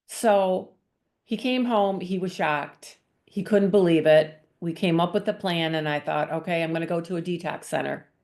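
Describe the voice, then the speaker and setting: A woman's voice: lowish voice, a little mellow. A middle-aged woman giving an earnest personal testimony, acting out her past thoughts and conversations as she tells the story. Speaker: guest sharing her testimony.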